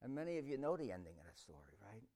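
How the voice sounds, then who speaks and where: A man preaching a sermon, swinging between hushed reflection and loud, dramatic storytelling. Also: medium pitch, sing-song, racing, gravelly.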